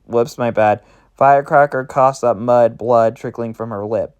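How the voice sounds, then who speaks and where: A man narrating a roleplay aloud in a plain, steady reading voice. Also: mid-range voice, unhurried, smooth, highs cut off.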